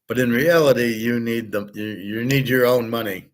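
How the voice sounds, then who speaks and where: A man's voice: mid-range voice, moderate pace. A man hosting a casual stream, talking bluntly and in a rambling way, swearing and answering chat comments. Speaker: host. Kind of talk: casual livestream talk on betting and gold.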